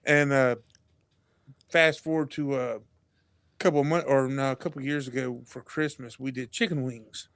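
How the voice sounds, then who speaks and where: On a podcast, a guest speaks at a moderate pace with a medium-pitched voice, and the recording is dry. He chats casually as an animated storyteller, acting out the quotes and voices in his tales.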